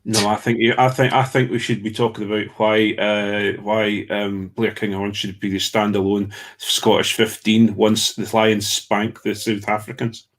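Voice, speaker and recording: Slow-talking podcast co-host. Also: male voice, fairly low pitch, flat delivery. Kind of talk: casual banter.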